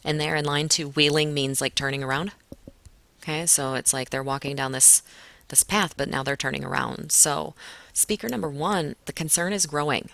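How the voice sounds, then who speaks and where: A woman teacher with a very low, gravelly voice walks a class through a poem. She explains in a relaxed way with plenty of fillers, and the recording is dry and close. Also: moderate pace, no echo. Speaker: English teacher. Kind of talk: recorded classroom lesson walkthrough.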